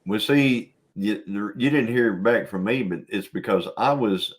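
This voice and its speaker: Slow, low-voiced man who laughs a lot. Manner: laid-back, laughs often, drawn-out words. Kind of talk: casual livestream chat.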